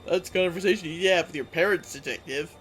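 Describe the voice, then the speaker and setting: A player voicing a goofy, eager male police sidekick with deadpan jokes, reading game dialogue aloud. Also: medium pitch, fast talker, over loud music, close to an everyday voice, rough recording.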